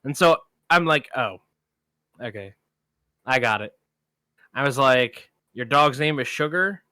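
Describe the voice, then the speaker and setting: At a slightly slow pace, a man with a clear, resonant, medium-pitched voice speaks, with no room sound. He co-hosts a film podcast, telling a long anecdote in casual chat and animatedly acting out the people he quotes.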